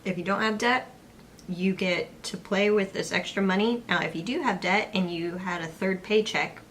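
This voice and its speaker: A woman's voice: mid-range voice, normal speed, fairly bright tone, slight background noise. A young woman co-hosting a casual personal finance vlog, chatting and walking through budget figures step by step. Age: young adult. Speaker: personal finance vlogger, co-host. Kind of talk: casual chat.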